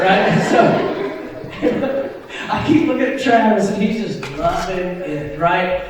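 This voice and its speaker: A man in his forties, a Christian musician, telling an animated story to a live audience and often asking "right?" along the way. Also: sits high, unhurried, a crowd in the background. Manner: animated, chatty, keeps checking in with "right?". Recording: echoey hall picked up from far off.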